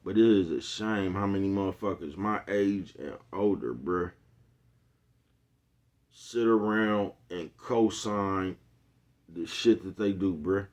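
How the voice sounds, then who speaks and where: A middle-aged man with a low, deep voice talks straight to his viewers. His delivery is laid-back and full of street slang. He keeps throwing in asides to his listeners as he goes. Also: slow, a little mellow. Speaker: vlogger. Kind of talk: casual monologue to viewers.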